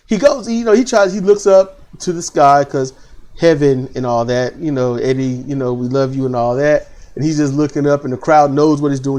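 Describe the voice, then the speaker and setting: A man hosting a casual wrestling commentary, animated and opinionated, repeating phrases for emphasis. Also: a little high. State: choked up.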